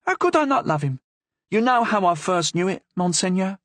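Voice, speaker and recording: A man voicing a feisty, sharp-tongued young woman with a Languedoc accent, fearless before a cardinal. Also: sing-song, moderate pace, no room sound. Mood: bold. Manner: high, bold, talks back.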